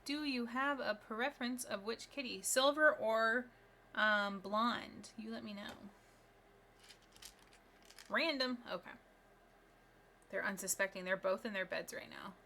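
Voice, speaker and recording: A woman live-streaming from home, chatting with her viewers in an upbeat, easy way. Her voice is bright and a bit higher than most, with a faint hiss underneath. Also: unhurried, long pauses. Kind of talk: casual live-stream chat while building.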